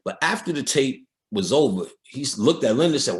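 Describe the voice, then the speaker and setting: A man's voice: mid-range voice, lively intonation, fairly quick. Streetwise, profane man lecturing. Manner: streetwise, profane, storytelling, mimics voices. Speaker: occult lecturer. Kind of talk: casual spoken lecture.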